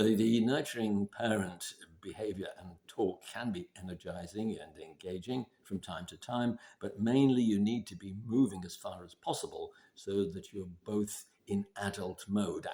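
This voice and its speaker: A man giving relationship advice in a measured way, often clearing his throat and repeating points for emphasis. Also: deep voice, dark tone. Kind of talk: advice talk to camera.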